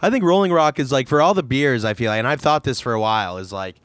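Smooth-voiced man riffing on a podcast. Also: medium pitch, fast, a bit bright, dry recording. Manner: laughs often, meandering riffs. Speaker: podcast co-host. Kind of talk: casual comedic chat.

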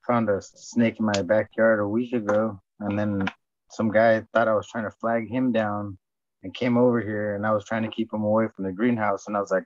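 A man's voice: fairly low pitch, little pitch movement, a little fast, no echo. A man telling rambling, profane stories in casual chat and acting out what people said. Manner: profane storytelling, acts out quotes. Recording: dull dry lo-fi sound.

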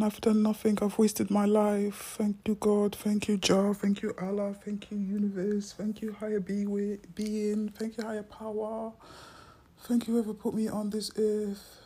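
A woman's voice: mid-range voice, monotone, a little slow, dark tone. A young woman, vlogging casually from home into a phone in a rambling, self-mocking way, often dropping into whispers. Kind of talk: casual unedited vlog.

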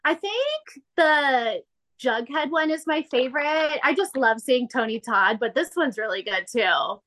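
A woman's voice: high-pitched, expressive, a little slow, sharp tone. A woman co-hosting a casual chat, chiming in with short, playful reactions. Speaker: podcast co-host.

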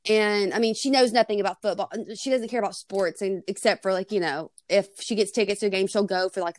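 A woman's voice: lowish voice, dry recording, studio quality. A woman co-hosting a casual sports podcast, talking in a chatty way with lots of restarts. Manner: chatty, many fillers and restarts, wistful. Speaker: podcast co-host.

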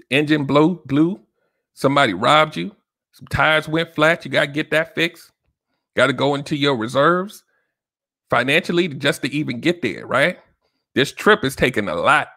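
A man's voice: mid-range voice, pushed and bright, no echo, clean studio sound. A man hosting a solo relationship-advice podcast, talking casually and directly to listeners, often checking in with "right?". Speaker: podcast host.

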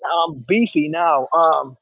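High-voiced man telling rambling stories. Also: unhurried, vocal fry, no echo, poor audio. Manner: rambling, animated storytelling with lots of restarts. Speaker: podcast host. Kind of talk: casual podcast chat.

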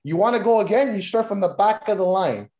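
Ranting, lively-voiced podcast co-host man. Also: sits high, fairly quick, reverberant. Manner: profane, ranting, swings into loud mock shouting. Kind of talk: casual wrestling podcast chat.

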